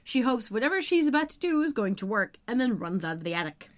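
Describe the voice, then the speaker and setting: A woman's voice: fairly high pitch, big pitch swings, fast talker. A woman co-hosting a podcast, recapping an episode in casual, rambling chat full of fillers. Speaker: podcast co-host.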